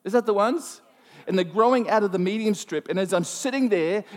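Man, preaching, fairly high voice, storytelling with asides, long hall echo. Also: moderate pace. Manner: storytelling, animated, self-mocking asides. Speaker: pastor. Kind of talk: sermon.

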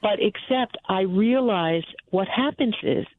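A woman's voice: medium pitch, lively intonation. Earnest woman caller on a tinny phone. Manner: earnest, halting, with many restarts. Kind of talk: phone-in storytelling.

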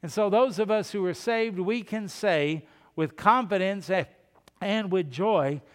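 A man preaching a sermon as pastor, earnest and urging, with sudden loud emphasis. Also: high-pitched, measured pace, big-room sound.

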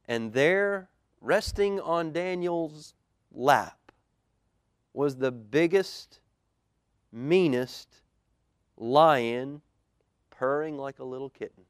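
Pastor guy reading a kids' bible story, fairly high voice, dry sound, keeps quizzing the kids. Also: extremely slow, pauses often, clear, resonant tone, no echo. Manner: lively, asks the children questions. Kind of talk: reading a children's storybook aloud. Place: church auditorium.

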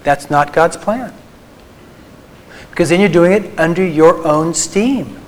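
A man's voice: a little high, poor audio. Earnest man giving a faith talk. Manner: earnest, tender, slows for emphasis. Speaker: Christian psychologist speaker. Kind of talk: faith talk to a live group.

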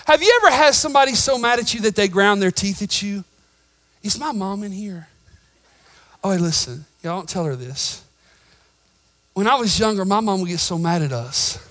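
A man preaching a sermon in a church, swinging between shouted emphasis and quiet asides and joking with the congregation. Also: high voice, low-quality recording. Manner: jokes with the congregation. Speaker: pastor.

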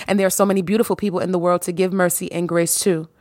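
A woman's voice: fairly low pitch, fairly even intonation, very fast, darkish tone, no room sound. Woman podcaster preaching into a close mic, dry room, lots of rhetorical questions. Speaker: podcast host. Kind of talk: podcast monologue.

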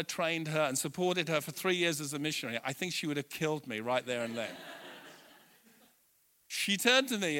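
High, bright-voiced animated preacher man. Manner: animated storyteller, swinging from soft asides to loud bursts. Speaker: pastor. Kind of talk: sermon. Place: church.

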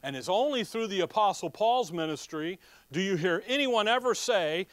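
A man's voice: sits high, animated, normal speed, a bit bright, no room sound. A man preaching a Bible teaching sermon who asks his listeners questions and answers them himself, with joking asides. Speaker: pastor.

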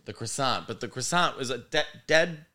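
A man from Chicago, a comedian guest on a podcast, who tells animated stories in casual chat and swears casually. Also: medium pitch, normal speed. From Chicago, United States.

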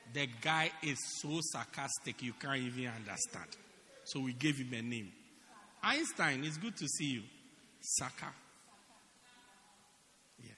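A man preaching a sermon, animated and joking with the congregation. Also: medium pitch. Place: church hall. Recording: reverberant church hall.

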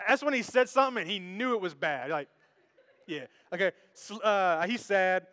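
A man's voice: high voice, normal speed, fairly bright tone, clean tone. A male pastor preaching a sermon on a church stage, in a playful, conversational way, joking with the congregation. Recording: echoey hall with long reverb.

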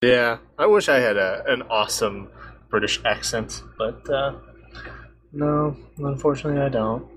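A man's voice: mid-range voice, moderate pace, a bit bright, breathy edge. A man co-hosting a podcast in casual chat, joking and teasing himself in easygoing banter. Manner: jokey, self-mocking banter. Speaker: podcast co-host.

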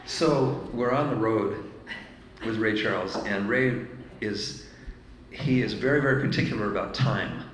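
An older man telling an anecdote in conversation, building steadily to a punchline. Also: on the low side. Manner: measured storyteller building to a punchline. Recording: roomy echo with faint noise.

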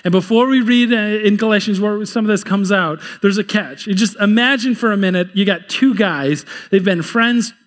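A man's voice: high-pitched, moderate pace, few pauses, in a large hall. A man preaching a sermon in a church, conversational and repeating words as he builds his points. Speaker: pastor. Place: church sanctuary.

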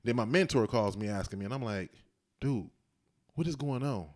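A man's voice: medium pitch, expressive, moderate pace, darkish tone. A man in casual conversation, animatedly telling a story and acting out the voices of the people in it. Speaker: husband telling his story.

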